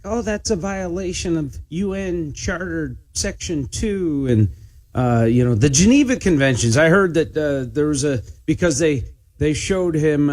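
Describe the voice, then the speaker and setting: A man's voice: medium pitch, warm tone, no room sound. A male radio guest with a mid-range voice, chatting wryly and casually. The sound is dry and close. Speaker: guest, former prosecutor. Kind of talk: casual talk radio banter.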